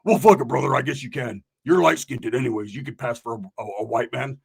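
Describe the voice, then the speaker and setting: A man's voice: medium pitch, brisk, creaky, breathy edge, pitched below the performer's own voice. A man voicing his brash, swaggering friend, a profane, pushy guy who calls everyone brother. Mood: mocking.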